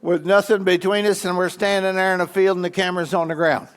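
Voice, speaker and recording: Older man, folksy storyteller, higher voice, church reverb. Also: quick pace. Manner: lively, imitates animal calls. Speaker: guest speaker at a church event. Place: church sanctuary. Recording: long reverb of a church hall.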